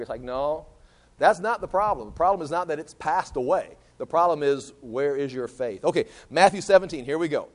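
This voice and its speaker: A man preaching from scripture in a slightly high voice. He reads passages aloud, then talks through them in a loose, conversational way, often repeating words as he works out his point. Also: lively intonation, a little fast. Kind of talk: Bible teaching sermon.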